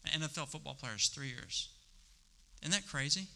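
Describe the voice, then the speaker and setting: A middle-aged man preaching a sermon, stressing some words loudly and dropping to a hush on others. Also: on the high side, expressive, brisk, creaky. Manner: emphatic, swings between loud stresses and hushed asides. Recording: long reverb of a large hall.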